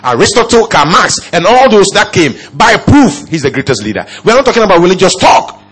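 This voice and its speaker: A male pastor preaching a sermon, firing off rhetorical questions and swinging from low murmurs to loud exclamations. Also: big pitch swings, brisk, husky.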